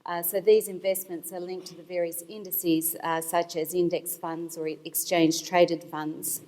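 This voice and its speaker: A woman panelist speaking as an institutional investor, explaining her points in a measured way with some fillers, at a conference. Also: fairly low pitch, level tone, darkish tone. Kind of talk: panel discussion remarks. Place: conference hall. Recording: long hall reverb. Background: hall reverb.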